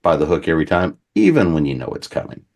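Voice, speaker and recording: Deep-voiced man hosting a panel. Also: fast. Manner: relaxed, leading questions and calling on panelists. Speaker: panel host. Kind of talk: convention panel discussion.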